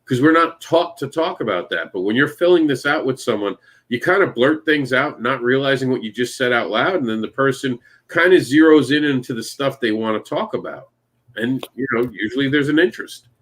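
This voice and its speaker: A man's voice: mid-range voice, expressive, a little fast, a bit bright. Male guest, brash storyteller, sarcastic, acts out his own asides. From Florida. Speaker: guest, comics creator. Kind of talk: casual chat.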